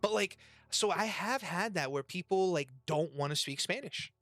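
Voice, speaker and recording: A man's voice: sits high, animated, normal speed, sharp tone, no room sound, studio quality, soft background music. A man hosting a casual podcast, loose and profane, reading chat messages aloud. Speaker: podcast host and restaurant server.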